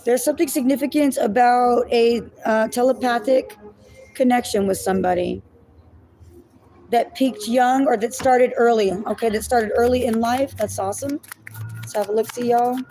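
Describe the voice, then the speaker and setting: Woman, tarot reader, casual chat, thinking aloud, mellow voice, slightly high. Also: moderate pace, slight background noise, poor audio. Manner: chatty, thinks aloud, laughs at herself; addresses viewers as y'all and my loves. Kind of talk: casual live tarot reading.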